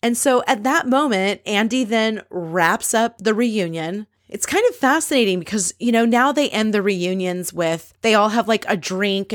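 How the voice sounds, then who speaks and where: A woman's voice: medium pitch, no echo, studio quality. A woman hosting a podcast, recapping a reality show in a chatty, gossipy and snarky way. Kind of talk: casual recap chat.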